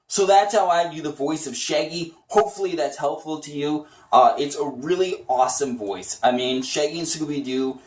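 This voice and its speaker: A man's voice: on the high side, moderate pace, hardly any pauses, roomy sound. A man giving a casual, chatty tutorial on doing a cartoon voice, enthusiastic and rambling. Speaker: voice impression tutor.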